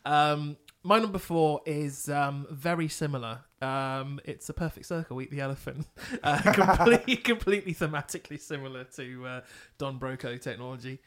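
A man's voice: on the high side, normal speed, few pauses, a bit bright. A man co-hosting a podcast in casual chat, laid-back and teasing. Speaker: podcast co-host.

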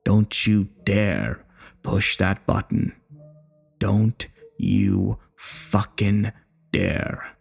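A man playing a gravelly, bitter old war veteran. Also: lowish voice, sing-song, drawn-out words, soft background music, exaggerated voice. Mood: menacing. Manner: coarse, taunting, profane. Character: bitter older male war veteran, crude and menacing. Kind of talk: horror story narration.

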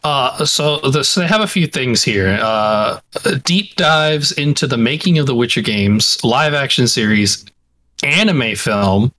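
A man's voice: mid-range voice, animated, a little slow, pushed and bright. A man co-hosting a podcast, chatting casually and hesitantly, with a lot of fillers. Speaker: podcast co-host. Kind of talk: casual chat.

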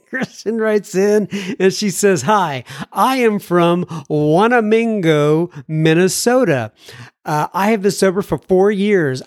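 Guy reading out listener emails, slightly high voice, chatty and rambling. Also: no room sound, clean studio sound. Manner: folksy, rambling asides with small jokes; frequent ums and self-corrections. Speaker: podcast host.

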